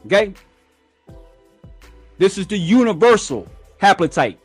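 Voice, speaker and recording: High-voiced guy cussing out viewers, blunt and pushy, lively up and down, music under him. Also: measured pace, husky. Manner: blunt, profane, confrontational. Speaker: show host. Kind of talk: casual profane talk show rant.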